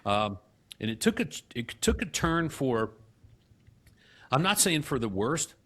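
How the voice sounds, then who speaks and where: Middle-aged man telling a lively story. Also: mid-range voice, unhurried. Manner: animated storyteller who acts out past dialogue, with frequent restarts. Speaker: guest, real estate company CEO. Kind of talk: storytelling in a conversational interview.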